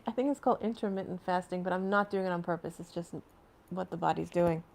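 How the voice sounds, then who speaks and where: Woman, live stream host, casual chat from home, rambling, answers viewer comments, laughs often, gravelly voice. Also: lowish voice, fast talker, darkish tone. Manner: laughs often between phrases.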